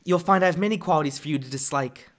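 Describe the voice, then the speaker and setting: A man's voice: a little high, fast, fairly bright tone, voice pushed up, lightly acted. A man on a live stream doing an impression of a young female Jedi warrior, bold and defiant, leaning hard on the s sounds. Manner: crisp, with heavy stress on the s sounds.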